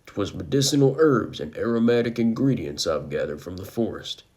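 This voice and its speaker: A man voicing a seasoned hunter and father who speaks in a folksy, rustic way with calm reassurance. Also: fairly low pitch, moderate pace. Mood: steady.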